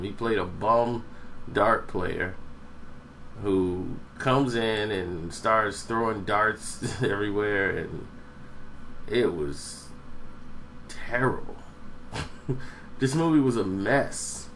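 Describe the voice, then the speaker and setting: A man giving a casual, rambling movie review, meandering and pausing to search for names. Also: lowish voice, a bit bright, a little hiss or hum.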